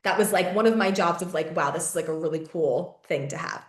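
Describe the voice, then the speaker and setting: A young adult woman hosting a podcast, telling a personal story in casual chat, heavy on fillers, swearing and quick laughs. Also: lowish voice, roomy sound. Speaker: podcast host.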